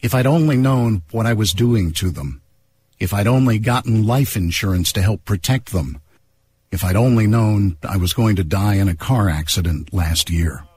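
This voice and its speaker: A man's voice: fairly low pitch, normal speed, darkish tone, slightly rough. A man voicing a somber, regretful husband in a scripted insurance radio ad.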